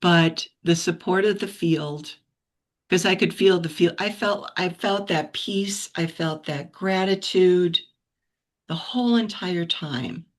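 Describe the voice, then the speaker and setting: A woman sharing a personal story in a relaxed, reflective way, with many restarts and soft laughs, on a video call. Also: lowish voice, slow. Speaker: practice group member sharing a story.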